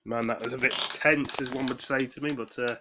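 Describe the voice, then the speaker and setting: A man's voice: mid-range voice, fairly even intonation, a little fast, background noise. A man giving casual, hesitant commentary on news clips, full of fillers like "you know". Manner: hesitant, reflective, filler-heavy.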